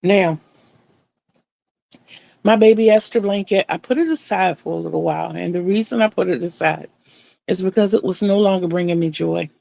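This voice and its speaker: An older woman talks through her crochet work on a live stream, chatty and rambling, circling back and repeating her words. Her voice has a gravelly edge, and the sound is dry and close. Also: lowish voice, normal speed, long pauses, warm tone, no echo. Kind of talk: casual live-stream chat while crocheting.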